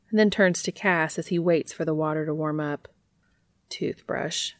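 Low, gravelly woman reading a story. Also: no echo. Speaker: narrator. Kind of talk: reading fiction aloud.

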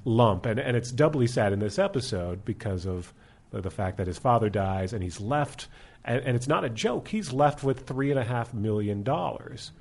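A man's voice: mid-range voice, lively intonation, normal speed, creaky, darkish tone. A man in casual podcast chat, easygoing, often chiming in with agreement. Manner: easygoing, frequent backchannel agreement.

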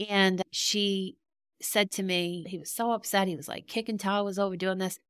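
A woman's voice: on the low side, steady tone, normal speed, a bit bright, clean tone, no echo, studio quality. Candid middle-aged woman telling her story. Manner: emotional, candid, rambling. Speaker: podcast host. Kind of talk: personal storytelling.

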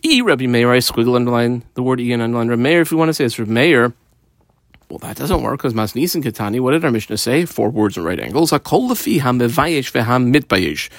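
A man at an ordinary middle pitch teaches a Talmud page step by step, reading each phrase aloud before explaining it. He sounds methodical and patient. The recording is dry and close, with no room sound. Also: expressive, fast talker, no room sound. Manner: methodical, reads Hebrew and Aramaic then translates. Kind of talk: explaining a text with a page guide.

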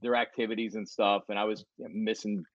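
A man's voice: on the low side, level tone, a little fast, dry recording, dull audio. A man guesting on a sports podcast, chatting in a laid-back, joking way. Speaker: guest sports radio host. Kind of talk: casual chat.

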